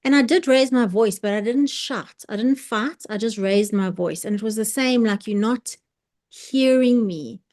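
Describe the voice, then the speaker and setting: A woman in an online sharing circle, telling a personal story in casual, animated speech, acting out quoted dialogue and restarting her sentences often. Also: medium pitch, normal speed, few pauses. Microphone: video call.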